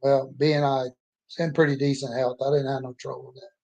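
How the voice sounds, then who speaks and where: A man's voice: mid-range voice, little pitch movement, brisk, mellow, highs cut off. A man in his sixties telling his life story in a folksy, rambling, plainspoken way. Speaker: storyteller introducing himself. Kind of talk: casual personal storytelling.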